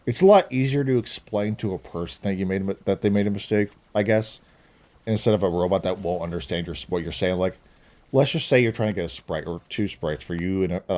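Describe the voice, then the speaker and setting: A man's voice: low voice, brisk, darkish tone. A young man vlogging his opinions in a casual, rambling monologue, laughing at his own jokes. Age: young adult.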